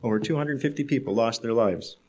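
A male preacher delivering a sermon, telling a story in measured, emphatic phrases. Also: mid-range voice, a little mellow.

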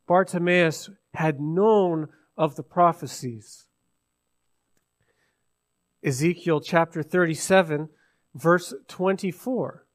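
High-voiced preacher with dramatic swings. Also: male voice. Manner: dramatic swings from hushed to loud, rhetorical questions. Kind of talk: sermon.

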